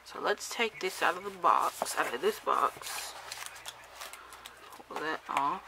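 Woman, casual unboxing review, slow pace, somewhat low pitch, hesitant with frequent ums. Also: lively intonation, heavy background noise. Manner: hesitant, many ums and self-corrections. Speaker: product reviewer.

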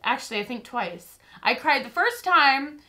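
A young woman co-hosting a casual movie review chat, bubbly and animated, often breaking into laughter. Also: sits high, moderate pace. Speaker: co-host of a movie review show.

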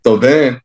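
A young man from Texas, a pro linebacker, telling stories in a casual interview, lively and laughing often as he acts out his younger self. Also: medium pitch. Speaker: guest, professional football linebacker.

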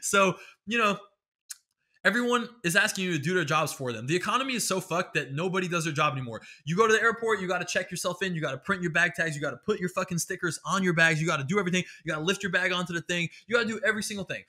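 A man's voice: high voice, racing, sharp tone. A man hosting a podcast who delivers a rambling, exasperated comic rant full of profanity. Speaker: podcast host. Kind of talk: comedic solo rant.

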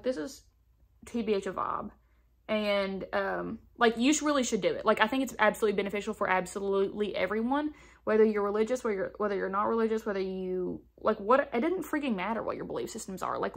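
A woman's voice: medium pitch, gravelly. A young woman chatting candidly while doing her makeup on camera, talking loosely with plenty of fillers. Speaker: beauty vlogger. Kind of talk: casual get-ready-with-me chat.

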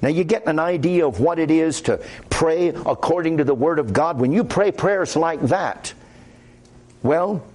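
A man's voice: fairly high pitch, measured pace, darkish tone. A man with a Midwestern American accent preaching a sermon as pastor, conversational and quoting scripture aloud.

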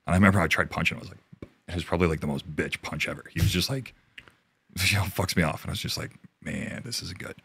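A very deep, gravelly man from Canada talks through a war story as an interview guest. His voice is husky, with a rough fry on it. He swears freely and often breaks off mid-sentence to start again, and the recording is close and dry. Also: a bit bright, dry recording. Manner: profane, halting, restarts often. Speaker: interview guest, army veteran.

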